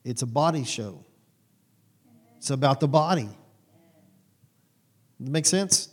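A man's voice: medium pitch, animated, takes it slowly, breathy edge. A male pastor giving a sermon in a conversational, rambling way, with restarts and asides.

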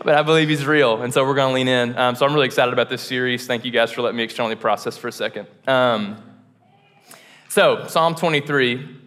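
A man's voice: medium pitch, fast. Casual, joking man preaching in a hall. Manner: relaxed, self-deprecating, chatty with frequent fillers and restarts. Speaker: pastor. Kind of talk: casual sermon. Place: church auditorium.

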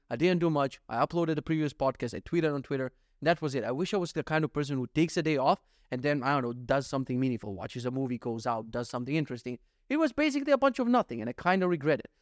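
A young man with a fairly high voice talks straight into the mic in a casual, animated rant. He swears freely and sounds exasperated. The sound is dry, with no room echo. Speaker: vlogger. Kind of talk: casual ranting monologue.

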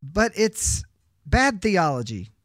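A man's voice: high-pitched, sing-song, slow pace, a bit bright, no echo, studio quality. A man teaching a biblical counseling class, reading scripture aloud and explaining it emphatically with rhetorical questions. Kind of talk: Bible teaching lecture.

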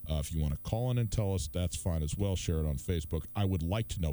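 A male radio host in his thirties, talking casually and getting more animated as he goes. His voice sits on the low side. The studio sound is dry and close, with no room around it. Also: quick pace, hardly any pauses, dry recording. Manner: lively, animated storytelling with rising emphasis. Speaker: radio talk show host. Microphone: studio microphone.

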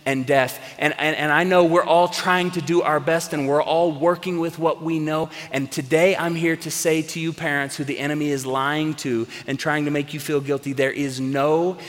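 A man's voice: a little high, steady tone, moderate pace, hardly any pauses. A man preaching a sermon to a congregation, earnest and emphatic, repeating phrases for weight. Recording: long hall reverb.

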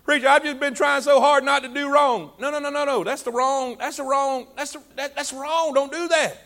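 A man preaching a sermon, urging the congregation to say lines back to him and swinging between loud emphasis and quiet asides. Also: extremely high pitch, fairly even intonation, normal speed. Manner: exhorting congregation, call and response; rises and drops in volume for emphasis. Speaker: pastor.

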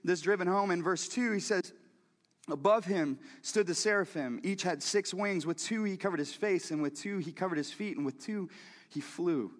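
A man preaching a sermon in a church, talking in a lively, conversational way with frequent restarts and repeated words. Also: high voice, normal speed, big-room sound. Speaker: pastor. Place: church sanctuary.

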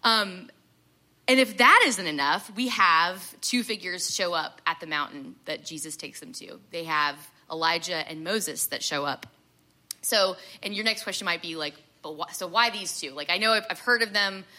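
A woman's voice: lowish voice, normal speed, bright, forceful tone. Chatty woman preaching a casual sermon. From American South. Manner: chatty, self-deprecating, many fillers. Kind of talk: conversational sermon.

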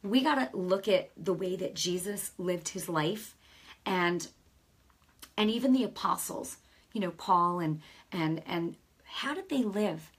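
A woman's voice: on the low side, expressive, unhurried, breathy edge. A woman preaching a casual, conversational sermon, emotional and full of asides and restarts.

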